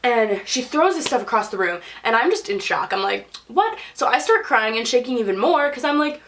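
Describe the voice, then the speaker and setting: A young woman telling a story in a casual vlog, chatty and full of "like", acting out quotes in a higher voice. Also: lively intonation, fairly quick, fairly bright tone. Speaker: YouTube storyteller.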